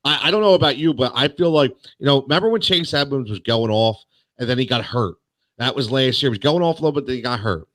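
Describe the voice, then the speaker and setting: A man's voice: mid-range voice, animated, quick pace, a bit bright, no room sound, clean studio sound. A man co-hosting a casual sports podcast, rambling with lots of fillers and restarts. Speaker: podcast co-host.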